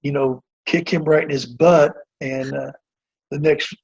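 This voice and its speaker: Husky-voiced man telling a coaching story. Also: on the high side, fairly even intonation, unhurried. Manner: earnest, rambling with many fillers and restarts. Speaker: basketball coach, guest. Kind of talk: casual interview storytelling. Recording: dull lo-fi audio.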